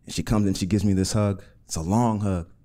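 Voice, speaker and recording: A man telling a personal story on stage in an earnest, measured way, in vivid present tense. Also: lowish voice, fairly even intonation, warm tone. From Uganda.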